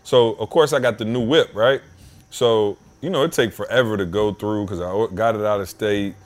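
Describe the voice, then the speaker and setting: Man, casual podcast host, slangy storyteller, lowish voice, acts out the dialogue. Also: normal speed. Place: home basement.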